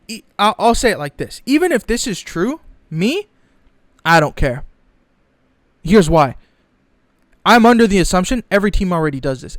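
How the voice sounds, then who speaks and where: A man's voice: high voice, no room sound, clean studio sound. A man from the Los Angeles area giving heated, profane, sarcastic sports commentary. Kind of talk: ranting opinion commentary.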